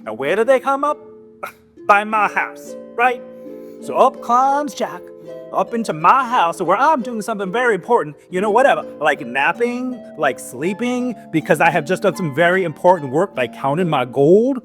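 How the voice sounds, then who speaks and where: A man's voice: high-pitched, expressive, normal speed, fairly bright tone. A man playing a resentful male giant grumbles through his side of a storybook tale in a raised, squeezed-up voice, full of street-tough grammar and indignant questions. A little guitar plucks faintly behind him. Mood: indignant grumbling.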